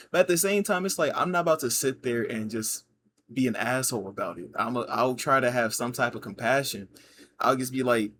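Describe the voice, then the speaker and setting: A man reacting to clips and telling his own work stories in a relaxed, slangy, laughing way. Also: medium pitch, fast, a little hiss or hum. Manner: laid-back, slangy, laughing storyteller. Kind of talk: casual reaction commentary.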